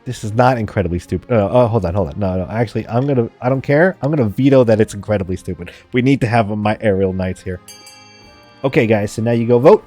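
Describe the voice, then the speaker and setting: A man's voice: fairly low pitch, quick pace, dark tone, faint music behind. A man streaming a strategy game live, chatting rambly with viewers and laughing often.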